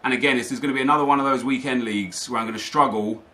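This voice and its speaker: A man's voice: mid-range voice, fairly even intonation, very fast, pushed and bright. A young man commentating live over his own gameplay, ranting in frustration to his viewers. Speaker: gaming YouTuber.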